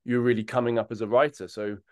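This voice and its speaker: A man hosting a podcast, asking questions in a relaxed way and summing up his guest's story. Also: medium pitch, fast talker, no echo, studio quality. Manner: relaxed, summarizing the guest's story back to him. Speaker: podcast host. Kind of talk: interview questions.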